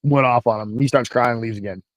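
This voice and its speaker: A man, an army veteran, telling stories in a casual livestream chat, profane and animated. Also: medium pitch, fast talker, no echo, lo-fi sound.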